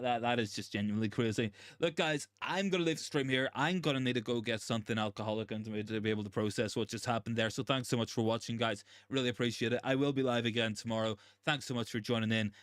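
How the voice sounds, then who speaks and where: A male host giving live football watchalong commentary, excitable and shaken, stammering and repeating himself in disbelief. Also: mid-range voice, clean tone, no room sound, clean studio sound. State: shaken and overwhelmed. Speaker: fan channel host.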